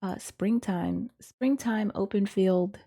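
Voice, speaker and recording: Mellow-voiced woman thinking aloud. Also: medium pitch, a little slow. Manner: rambling, hesitant, frequent ums and self-corrections. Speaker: course instructor. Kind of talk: casual unscripted teaching, thinking aloud.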